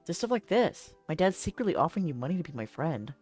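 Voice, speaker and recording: A woman reading the lines of a gentle, tearful young man in a game, in a soft, earnest, halting way. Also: deep voice, sing-song, slightly rough, soft background music, heavily acted.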